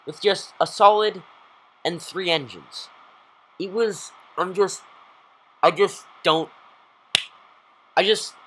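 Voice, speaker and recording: Man, gaming commentary, excitable and rambling, lively pitch, bright voice. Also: slight background noise, poor audio. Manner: rambling, excitable, talks to viewers. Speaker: gaming YouTuber. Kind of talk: gameplay commentary.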